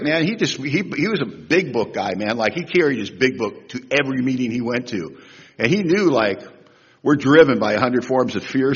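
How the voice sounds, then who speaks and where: Husky older man telling stories in echoey hall. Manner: humorous, animated storytelling with big swings in pitch and loudness. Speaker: recovery meeting speaker. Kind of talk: storytelling talk at a recovery convention. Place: large convention hall. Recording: echoey hall, dull lo-fi sound.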